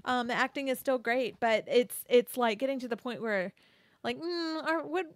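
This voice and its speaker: Woman, co-host, casual chat, chatty storytelling, slightly high voice, dry sound. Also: normal speed, dry recording. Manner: chatty storyteller, hesitant fillers. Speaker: podcast co-host.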